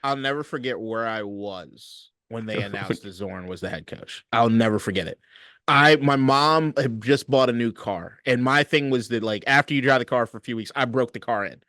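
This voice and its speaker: A man co-hosting a casual sports podcast, telling stories in a profane, animated way. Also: mid-range voice, moderate pace, no room sound, clean studio sound. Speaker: podcast co-host.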